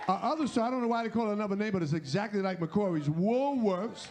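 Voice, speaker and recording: A high-voiced man from Brooklyn hosts a comedy show, his pitch swinging widely as he hypes and teases the audience. Faint crowd murmur and noise sit under his voice. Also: expressive, quick pace, darkish tone. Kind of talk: stand-up hosting and crowd work. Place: comedy club stage with live audience.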